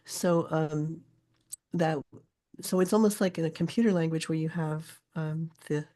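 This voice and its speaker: An older woman, a poet and teacher, explaining her subject in a casual interview, thoughtful and often pausing to search for words. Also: deep voice, steady tone, dark tone.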